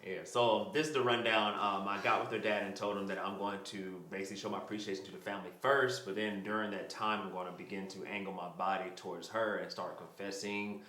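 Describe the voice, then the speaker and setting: A man's voice: on the low side, steady tone, fast talker, few pauses, sharp tone. A young man casually telling the story of his proposal, laid-back and slangy, laughing often. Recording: echoey room.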